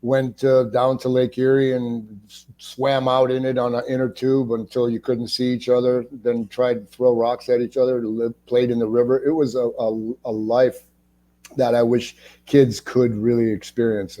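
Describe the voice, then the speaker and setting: A man in his sixties, from Ohio, chatting as an interview guest and telling lively stories in which he acts out other people's lines. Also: medium pitch, normal speed. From Ohio, United States. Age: 60s. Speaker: actor, guest. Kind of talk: casual interview storytelling.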